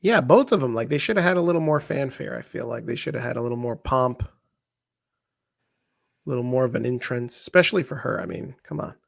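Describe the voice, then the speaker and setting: This man's voice sits at a medium pitch and sounds gravelly, and he speaks briskly on a dry, clean studio recording. Co-hosting a live wrestling watch-along, he keeps up a casual, joking, chatty commentary with loud reactions.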